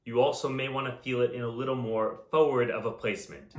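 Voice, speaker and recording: A man teaching a voice lesson in a calm, instructive way, with chanted vocal examples. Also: medium pitch, brisk, few pauses, roomy sound, faint music behind. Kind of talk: vocal lesson with sung demonstrations.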